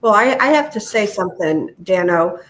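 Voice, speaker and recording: A woman's voice: medium pitch, animated, moderate pace, a little hiss or hum. A woman co-hosting a live show, thanking the guest with supportive reactions. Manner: warm supportive reactions, lots of affirmations.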